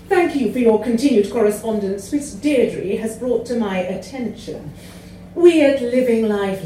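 A woman's voice: on the high side, dark tone, slight background noise. Prim woman, echoey and distant. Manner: prim, polite, laughing at times. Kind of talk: comic letter reading. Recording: echoey room from far off.

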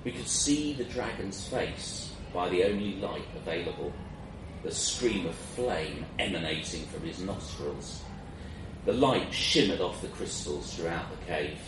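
Slow, wry male storyteller. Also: sits low, animated, roomy sound, recorded from a distance, noisy background. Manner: wry, self-mocking storytelling. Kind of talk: first-person story narration.

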